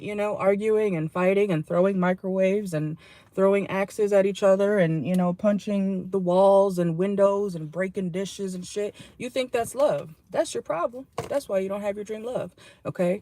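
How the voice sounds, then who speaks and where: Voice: medium pitch, normal speed, warm tone, no room sound. A tarot reader giving a casual channeled reading from a parked car, talking bluntly with salty language and frequent laughs.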